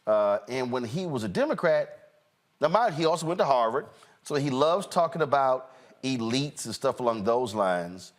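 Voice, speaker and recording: A male talk-show host giving animated, mocking political commentary, often halting and restarting. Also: mid-range voice.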